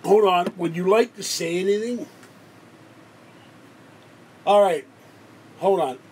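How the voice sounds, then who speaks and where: A man's voice: sits high, takes it slowly, a little mellow, slightly rough, low-quality recording. A man hosting a casual livestream from home, rambling and complaining as he talks over his guest. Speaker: livestream host. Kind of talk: casual live-stream chat.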